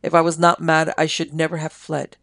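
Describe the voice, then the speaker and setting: A reader voicing a delirious army major who raves and pleads in a feverish confession, with a gravelly edge. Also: medium pitch, completely flat delivery, brisk, a bit bright, no room sound. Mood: terrified, pleading. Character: delirious army major, guilt-ridden man.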